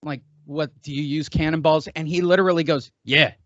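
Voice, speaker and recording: Middle-aged male host, a little high-pitched, loose joking banter, muffled dry recording. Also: steady tone, brisk, a bit bright, no echo. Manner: rambling, joking, laughs often. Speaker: podcast host. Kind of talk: casual chat.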